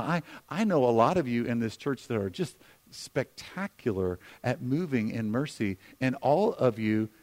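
A man preaching a sermon as pastor, conversational with sudden emphatic lines. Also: on the high side.

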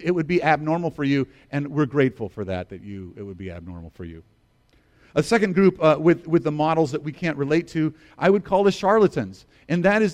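A man's voice: a little high, darkish tone. A man in his fifties, a pastor preaching a sermon in an earnest, conversational way, often restarting his sentences. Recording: long reverb of a large hall.

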